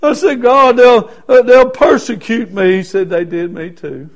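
A man preaching a sermon as a personal testimony, in a folksy way, going from soft, quiet stretches to loud shouted peaks. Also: extremely high pitch, unhurried.

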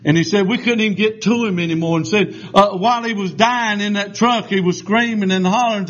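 A man's voice: high-pitched, moderate pace, fairly bright tone. Older man, preacher, sermon, folksy, dull recording. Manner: folksy storytelling with many fillers and restarts. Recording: dull lo-fi sound.

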